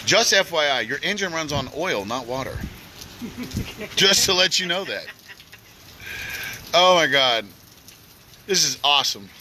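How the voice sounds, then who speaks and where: Excitable high-voiced man streaming outdoors. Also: a little slow, long pauses, a little hiss or hum. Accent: Oklahoma. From Oklahoma. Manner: excitable, loud, joking slang. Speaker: livestreamer. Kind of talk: casual live commentary. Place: outdoors by a flooded street at night.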